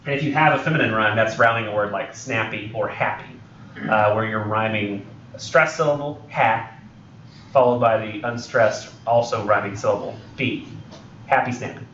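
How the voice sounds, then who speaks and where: A man's voice: on the low side, brisk, fairly bright tone, a little hiss or hum. Rambling man lecturing in a roomy classroom. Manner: rambling, joking, many ums and self-corrections. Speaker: college English instructor. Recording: roomy, distant, dull lo-fi classroom recording.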